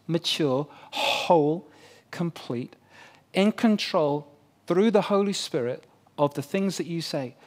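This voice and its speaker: Male pastor, young adult, earnest conversational sermon, slightly high voice. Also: darkish tone. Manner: earnest and conversational, with playful asides.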